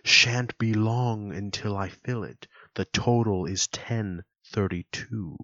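A man voicing a big, tough fast-food counter worker who answers slowly and quietly in a mock-formal stage manner, on a dull lo-fi recording. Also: on the low side, no echo, heavily acted.

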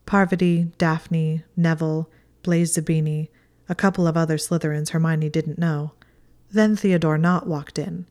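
A woman reading a chapter of fan fiction aloud in a calm, steady narration. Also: low voice. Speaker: audiobook reader. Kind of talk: scripted narration.

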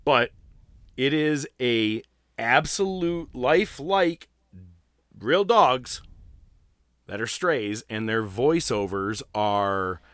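A man's voice: medium pitch, very slow, pauses often, no echo. A man co-hosting a casual wrestling podcast, talking animatedly with plenty of swearing. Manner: animated, profane, swings loud and quiet. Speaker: podcast co-host. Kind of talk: casual chat.

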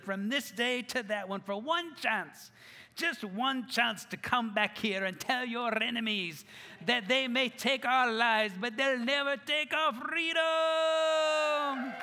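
A man putting on a mock Scottish accent to play a rebel leader rallying outnumbered troops, building to a shout. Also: extremely high pitch, voice pushed up, full character voice.

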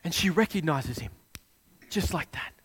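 A man preaching a sermon, retelling a scene with dramatic swings between hushed and loud delivery. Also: a little high, expressive, normal speed, breathy edge.

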